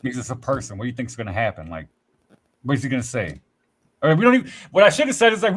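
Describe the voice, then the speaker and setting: A man's voice: medium pitch, lively intonation, racing, a bit bright, slightly rough. A man in casual podcast chat, telling rambling, profanity-laced stories with acted-out quotes. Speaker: podcast host.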